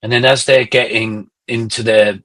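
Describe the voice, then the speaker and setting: A man's voice: mid-range voice, little pitch movement, moderate pace, a bit bright. A middle-aged man, a musician guest on a podcast, telling rambling anecdotes in casual conversation with frequent restarts.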